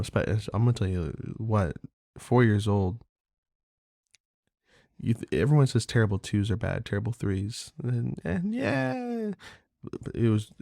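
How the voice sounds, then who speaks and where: A man's voice: fairly low pitch, gravelly, mellow, dry recording, studio quality. A man hosting a podcast, talking casually and candidly in a rambling way, swearing freely with lots of fillers. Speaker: podcast host. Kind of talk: casual monologue.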